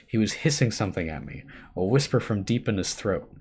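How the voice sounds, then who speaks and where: A man hosting a live stream, reading a horror story aloud with expressive shifts between hushed and urgent delivery. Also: fairly low pitch, fairly quick, slight background noise. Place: home streaming setup.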